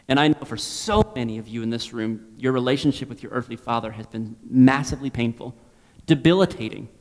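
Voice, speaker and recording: A man preaching a sermon as pastor, swinging from loud emphasis to hushed near-whispers and repeating phrases for emphasis. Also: mid-range voice, long reverb tail.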